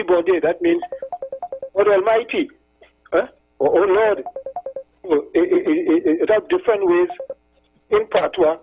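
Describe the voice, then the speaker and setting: Husky high-voiced caller on phone. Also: male voice. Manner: rambling, repeats words, tells anecdotes. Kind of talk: casual call-in chat. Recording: tinny phone line.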